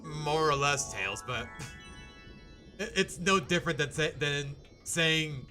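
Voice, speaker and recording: A man's voice: fairly high pitch, takes it slowly. Guy streaming a game, bouncy voice, goofing around w chat, music playing under it. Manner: animated, jokey, chats to viewers. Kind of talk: live gameplay commentary.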